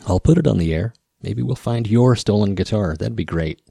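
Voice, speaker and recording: With a lowish, mellow, husky voice and some vocal fry, this man speaks at a moderate pace. He's a rural Western Midwest American podcast host chatting casually, wry and rambling, frequently interrupting himself to restart. The audio is studio quality with no echo.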